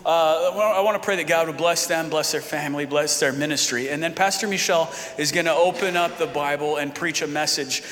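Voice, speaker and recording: Pastor praying in a reverberant church. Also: male voice, fairly high pitch, steady tone, a little fast, few pauses, a bit bright. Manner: earnest, repetitive prayer phrasing with frequent fillers. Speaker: pastor and interpreter. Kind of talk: congregational prayer and live interpreting. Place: church sanctuary.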